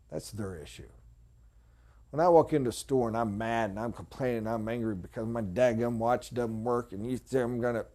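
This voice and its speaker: A man giving a motivational sales training talk, emphatic, repeating short punchy phrases and swinging from quiet and low to loud and high.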